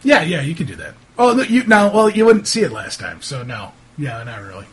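A man's voice: fairly high pitch, huge pitch swings, a little fast, fairly bright tone, breathy edge. A man narrating as game master of a tabletop role-playing game, hesitant with many fillers.

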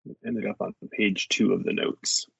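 A man's voice: on the low side, huge pitch swings, moderate pace, vocal fry, a bit bright, breathy edge, no room sound. A man running a tabletop game as game master, easygoing and hesitant with many fillers. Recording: dull lo-fi sound, dry.

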